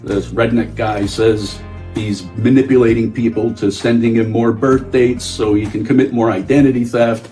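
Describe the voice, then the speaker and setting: A man's voice: mid-range voice, steady tone, normal speed, warm tone, close to an everyday voice. A man voicing an easygoing, dimension-hopping male storyteller telling a comic anecdote. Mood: amused. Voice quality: easygoing, chatty storyteller, playful. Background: faint guitar music.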